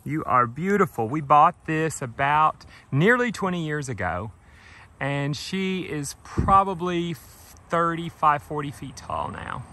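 A man giving a gentle, affectionate walking tour of his farm outdoors, filmed on a handheld camera. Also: on the high side, very animated, slow pace. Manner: gentle, affectionate, talks to trees and animals. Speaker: vlogger touring his farm. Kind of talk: casual walking tour vlog.

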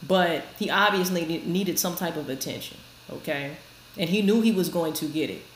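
Woman talking to her viewers, a bit low in pitch, frank and chatty, echoey room. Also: normal speed. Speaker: reaction video host. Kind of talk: casual commentary. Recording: echoey room with faint noise.

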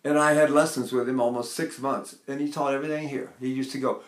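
An older male voice teacher with a slightly high speaking voice explains breath and posture. He keeps asking rhetorical questions and breaks into short sung vowels to demonstrate. The room has a noticeable echo. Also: fairly quick, few pauses. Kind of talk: vocal technique lesson.

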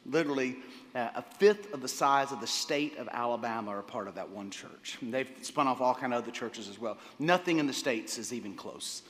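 A man pastor preaching a sermon to his congregation, enthusiastic, often repeating words and pausing with fillers. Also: medium pitch, expressive. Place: church sanctuary. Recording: long hall reverb.

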